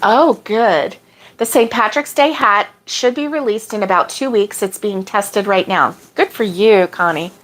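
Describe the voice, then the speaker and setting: Woman, crochet stream host, chatty, reads comments aloud with drawn-out exclamations. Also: medium pitch. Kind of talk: casual chat reading viewer comments.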